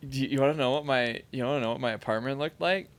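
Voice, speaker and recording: This ex-pro soccer player talks very fast at a medium pitch, animatedly spinning stories in a relaxed podcast-studio conversation. "Like" turns up constantly.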